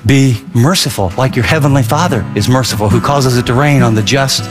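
A man's voice: medium pitch, a little fast, in a large hall, music in the background. A man preaching a radio sermon in an emphatic, conversational way, acting out little asides. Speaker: pastor.

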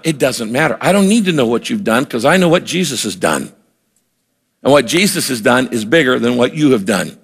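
A man's voice: medium pitch, gravelly, husky. An older man preaching a sermon as a pastor, earnest and emphatic, often repeating words and acting out quoted lines. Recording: long hall reverb.

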